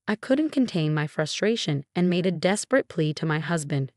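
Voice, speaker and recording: A woman reads a dramatic family story aloud in a measured, scripted manner. Her voice sits somewhat low, and the recording is dry with no room sound. Every part is delivered in the same steady narrating tone. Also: dry recording.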